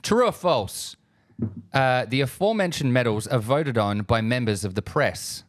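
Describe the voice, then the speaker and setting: A man's voice: mid-range voice, expressive, normal speed, dry recording, studio quality. An Australian man co-hosting a sports podcast, hesitant with many ums, reading out quiz questions. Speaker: podcast co-host, quizmaster. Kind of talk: casual chat.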